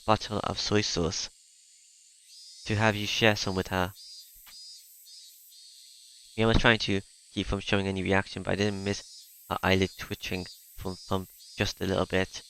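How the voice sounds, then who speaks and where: A man reading a visual novel aloud in the first person, halting at times with fillers and restarts. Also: lowish voice, level tone, a bit bright, slight background noise.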